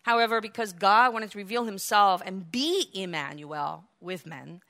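A woman preaching a sermon, acting out the quoted biblical figures with lively, raised delivery. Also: normal speed. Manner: animated, acts out biblical quotes with raised pitch and volume.

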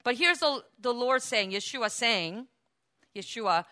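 A woman preaching a sermon, moving between quiet explaining asides and loud, emphatic, rising outbursts. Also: a little high, animated, slow, dry recording.

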